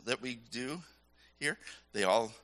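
A man speaking to a church congregation, announcing a missions offering and praying, with halting, repeated words and a folksy manner. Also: mid-range voice, fairly bright tone. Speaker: church leader leading offering prayer.

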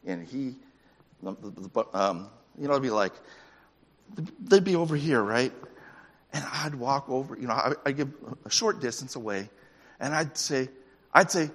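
A man preaching a sermon as pastor, with animated, rising excited peaks. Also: medium pitch, moderate pace, pauses often, long reverb tail.

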